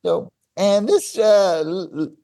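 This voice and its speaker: A man, telling a story as an interview guest with excited, stop-start energy. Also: sits high, slow, creaky. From Cyprus. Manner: animated, excitable, with frequent restarts and laughs.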